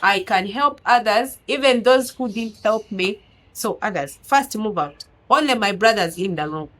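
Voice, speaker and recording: A woman's voice: medium pitch, animated, normal speed, a bit bright, rough recording. A woman with a non-native English accent giving an earnest, exhorting motivational sermon full of rhetorical questions. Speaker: preacher.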